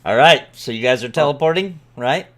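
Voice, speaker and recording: A man narrating a tabletop game as game master, relaxed and halting. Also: medium pitch.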